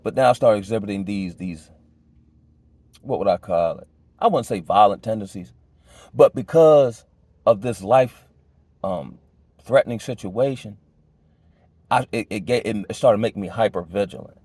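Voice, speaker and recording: At normal speed but with frequent pauses, a man with a darkish voice tells the story of his own hardships, recorded close and dry. It's a casual, conversational testimony in slangy speech, full of restarts and "you know what I'm saying," and his pitch jumps up when emotion stirs him.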